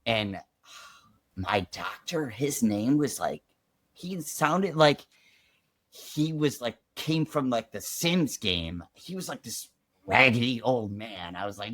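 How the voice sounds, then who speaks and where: A man's voice: mid-range voice, slow, dry recording. A young man from Chicago, a podcast guest telling his own story in a casual, chatty way full of "like". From Chicago, USA. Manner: chatty, peppered with "like", animated retelling.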